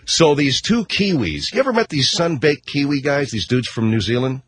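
A man's voice: mid-range voice, big pitch swings, normal speed, a bit bright, husky. A middle-aged man hosting a talk show, telling a rambling, sarcastic comic rant with casual swearing and constant self-corrections. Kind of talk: comedic rant monologue.

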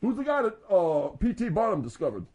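A man's voice: high-pitched, sing-song, brisk, darkish tone, breathy edge, full character voice. A man doing a rambling, ungrammatical studio buddy. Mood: offhand.

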